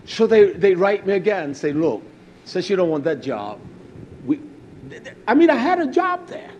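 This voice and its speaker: A man's voice: sits high, moderate pace, dull audio, a little hiss or hum. An older man telling a personal story, animatedly acting out what people said and often repeating his words. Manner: animated, acts out quoted dialogue, repeats words. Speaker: speaker giving a testimony.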